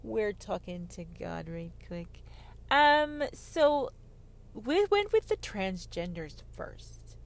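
A woman giving a heated monologue on faith, sarcastic and profane, swinging from loud outbursts to whispers. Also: medium pitch, sing-song, takes it slowly, creaky. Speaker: online Christian commentator.

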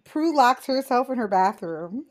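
Playful and frank, this podcast co-host retells what happened in a TV episode, laughing frequently. She speaks at a measured pace in a slightly high, expressive voice.

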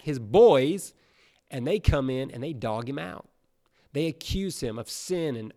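A male pastor preaching in an easygoing, animated storytelling manner. His voice sits at an ordinary middle pitch, and he talks plainly, as if chatting with his congregation. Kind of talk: sermon.

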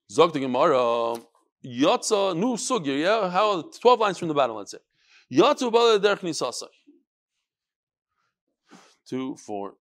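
Animated man teaching a Talmud class. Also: high-pitched. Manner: animated, sing-song study cadence mixing Hebrew and Yiddish terms.

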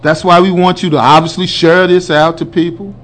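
A male radio host with a voice that sits high gives a fairly quick, flat-sounding delivery of colloquial, emphatic political commentary. He addresses listeners as folks as the monologue builds to loud declarations.

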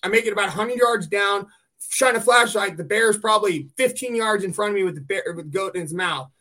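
A man from California hosting a podcast, telling hunting stories in a casual, animated way and swearing freely. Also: sits high, brisk. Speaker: podcast host. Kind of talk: casual chat.

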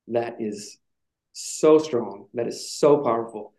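A man's voice: mid-range voice, takes it slowly, a little mellow. A man telling a personal story in casual chat, reflective and emotional at times. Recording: echoey room.

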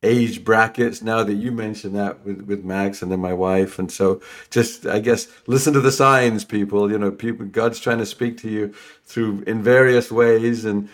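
A middle-aged man from London with a London accent, chatting as a podcast guest, warm and rambling with many restarts. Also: fairly low pitch, fairly even intonation, normal speed. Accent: London English. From England. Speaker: podcast guest, new home sales trainer. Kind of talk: casual interview chat.

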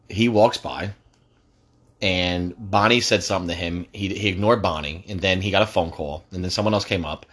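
A man's voice: low-pitched, fairly bright tone. A middle-aged man co-hosting a podcast, blunt and teasing, swearing freely. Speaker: podcast co-host. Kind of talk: casual chat.

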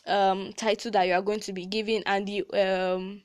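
A woman's voice: medium pitch, level tone, normal speed, clean tone. Chatty Nigerian teenage girl. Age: teens. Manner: chatty and emotional, frequent "like" fillers and laughs. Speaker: podcast host. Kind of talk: casual chat.

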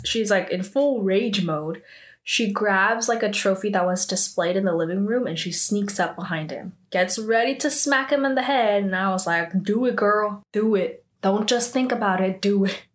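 A woman talking through a drama episode for her viewers in a chatty, casual way. She leans on many fillers and reacts to the story as she goes. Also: mid-range voice. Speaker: drama recap vlogger. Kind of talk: casual spoken recap.

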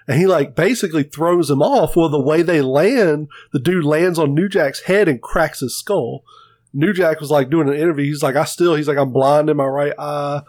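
A man's voice: fairly high pitch, moderate pace, no echo, clean studio sound. A man co-hosting a casual podcast, swearing freely as he retells stories and acts out the quotes. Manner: profane, animated retelling with quoted voices. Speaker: podcast co-host. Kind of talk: casual chat, storytelling.

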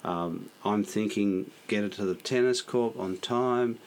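A man co-hosting a casual interview, telling relaxed everyday anecdotes and thinking aloud. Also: fairly low pitch, a little slow. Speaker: co-host.

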